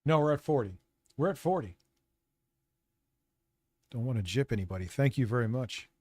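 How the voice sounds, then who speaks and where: A man's voice: medium pitch, expressive, moderate pace, a little mellow, husky, no room sound. A man hosting a live stream, commenting on a clip in a sarcastic, crude, casual way. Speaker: streamer host.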